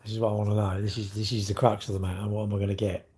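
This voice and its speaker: A man's voice: lowish voice, flat delivery, racing, warm tone, slightly rough. A middle-aged man hosting a casual livestream, chatting bluntly and jokingly with viewers as he reads their comments. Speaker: livestream host.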